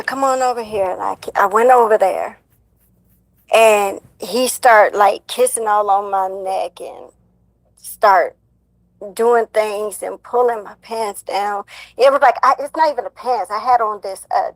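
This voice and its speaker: A young woman, a guest on a talk show, telling a painful personal story in a halting way, full of fillers and repeated words. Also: mid-range voice, dry recording, poor audio. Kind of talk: emotional personal account.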